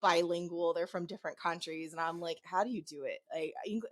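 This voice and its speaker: A woman co-hosting a podcast who talks in a casual chat style, often laughing. She speaks in quick bursts. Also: fairly low pitch. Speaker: podcast co-host and game master.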